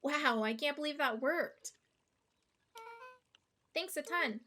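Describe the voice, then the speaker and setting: A woman voicing a pushy, scheming twelve-year-old girl in a video game, with a brisk, bossy, conspiratorial delivery. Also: high-pitched, sharp tone, full character voice. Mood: chummy.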